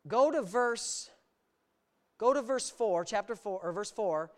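A male pastor preaching an animated sermon, exclaiming often and laughing through his stories. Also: high-pitched, a little slow.

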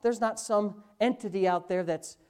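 A man preaching a sermon as pastor, emphatic, slipping from quick asides into loud, drawn-out stresses. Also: sits high, clean tone.

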